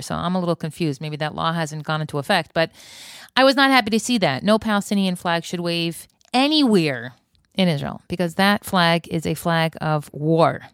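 Smooth-voiced chatty woman podcast host. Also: fairly low pitch, dry recording, studio quality. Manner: chatty, laughing, opinionated. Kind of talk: casual monologue. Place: Israel.

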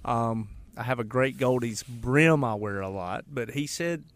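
A man co-hosting a podcast in casual chat, playful and joking, his voice jumping higher when he gets excited. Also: normal speed, hardly any pauses, dry recording. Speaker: podcast co-host.

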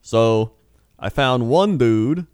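A man's voice: mid-range voice, animated, very slow, a little mellow, smooth, dry recording, clean studio sound. A young man co-hosting a casual chat podcast, telling a rambling story with lots of fillers and swearing. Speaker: podcast co-host.

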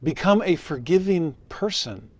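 A middle-aged man preaching a sermon in an earnest, conversational way, telling stories and letting his voice drop softly at the ends of phrases. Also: fairly high pitch, animated, unhurried, no echo. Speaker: preacher and religious teacher. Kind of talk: sermon with storytelling.

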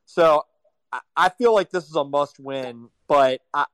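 A man's voice: on the high side, a little slow, fairly bright tone, no room sound. A man on a sports chat panel, giving his opinions with stammered restarts and a worried tone.

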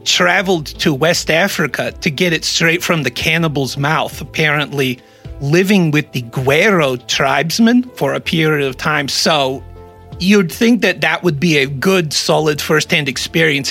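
Joking man with a higher voice. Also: creaky, sharp tone, slightly rough. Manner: joking storyteller, quick asides. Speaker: podcast host. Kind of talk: casual comedic chat.

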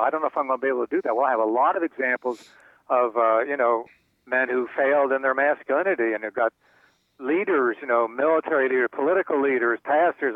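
A man's voice: mid-range voice, no echo. Older man on a tinny phone line. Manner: heartfelt, repeats words when moved. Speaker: author guest. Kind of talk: earnest personal storytelling in a radio interview.

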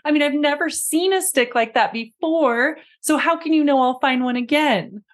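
A sobbing six-year-old girl pleads in a high, tearful voice, as a woman puts her on. The little kid's voice sits far above the woman's own and sounds small and wounded. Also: moderate pace, lightly acted.

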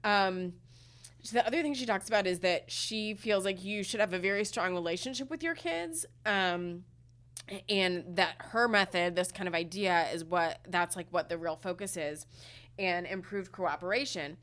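Emotional mom podcaster, halting and teary. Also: female voice, fairly low pitch, fairly bright tone. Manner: emotional, halting, many fillers. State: close to tears. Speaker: podcast co-host. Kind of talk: casual podcast chat.

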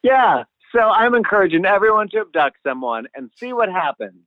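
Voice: medium pitch, big pitch swings, brisk, dry recording. A podcast co-host chatting casually with dry jokes and anecdotes. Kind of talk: casual comedic chat. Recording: tinny phone-like line.

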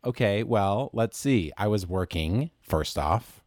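A man's voice: lowish voice, expressive, takes it slowly, darkish tone, no room sound, clean studio sound. A man playing an indignant employee and then a lawyer in an improv comedy scene, protesting and objecting.

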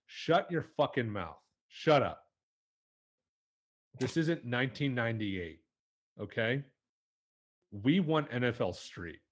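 Husky, animated young man ranting. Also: medium pitch, takes it slowly, pauses often. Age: young adult. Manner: heated, sweary, mocking. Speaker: podcast co-host. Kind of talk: profane comedic rant.

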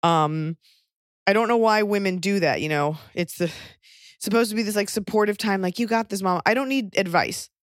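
A woman's voice: mid-range voice, normal speed, dry recording, clean studio sound. A pregnant woman co-hosting a podcast, chatting casually and telling blunt, joking stories. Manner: blunt, joking, animated storytelling. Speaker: podcast co-host. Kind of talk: casual chat.

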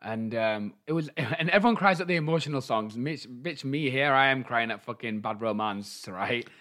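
A man's voice: medium pitch, moderate pace, pushed and bright. Man, thirties, English accent. Chatty, camp podcast co-host, mid-range voice. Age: 30s. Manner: chatty, camp, swears freely. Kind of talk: casual chat.

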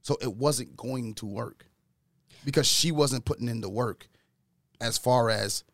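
Earnest man with a gravelly voice. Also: unhurried, no echo, clean studio sound. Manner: earnest, speaks from personal experience; grows louder and higher when retelling arguments. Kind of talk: casual discussion.

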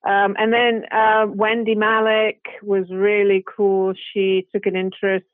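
A woman's voice: mid-range voice, little pitch movement, no room sound. British woman chatting over a tinny line. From Britain. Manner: chatty and rambling, full of "you know" and restarts, quick to laugh. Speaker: guest actress. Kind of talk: casual interview chat. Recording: dry, tinny phone-like call audio.

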